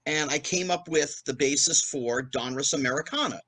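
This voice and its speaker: A middle-aged man, a podcast guest, telling anecdotes in a lively way and acting out the voices of people he quotes. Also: fairly high pitch, moderate pace, breathy edge, poor audio. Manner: animated, acts out quoted voices. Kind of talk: anecdotal storytelling.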